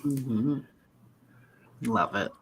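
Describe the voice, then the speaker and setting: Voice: medium pitch, drawn-out words, a little hiss or hum. A live stream co-host in casual chat, easygoing, relaying viewer comments.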